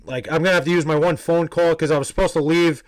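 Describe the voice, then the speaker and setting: A young man from New York casually telling a story, animated, profane and self-deprecating. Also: a little high, quick pace, no room sound, low-quality recording. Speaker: vlogger telling a personal story.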